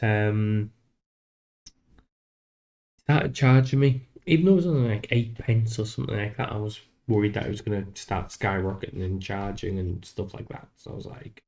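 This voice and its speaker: A man streaming live while coding a game, thinking aloud in a halting, self-deprecating way. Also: fairly low pitch, mellow.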